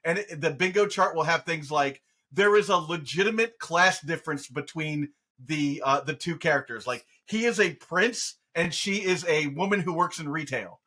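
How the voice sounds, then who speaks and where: A man co-hosting a podcast in casual chat, animated and joking with quick restarts. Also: fairly high pitch. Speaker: podcast co-host.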